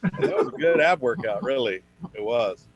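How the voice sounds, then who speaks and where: A young man performing a stand-up comedy set for an online show, switching into high put-on voices for his characters. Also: expressive, moderate pace, lo-fi sound, a loud crowd.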